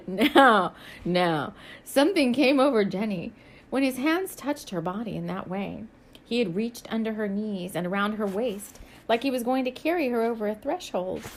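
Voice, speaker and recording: A fairly high-voiced woman, an author and spiritual reader, gives a soft, even reading of her romance novel, with slight background noise. In between passages she offers a spiritual message, musing, hesitating and laughing lightly.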